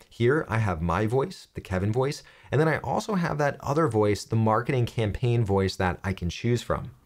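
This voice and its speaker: A young man hosting a software tutorial, explaining step by step in an upbeat, joking way. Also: mid-range voice. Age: young adult. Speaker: tech tutorial host. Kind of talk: screen-recorded software tutorial.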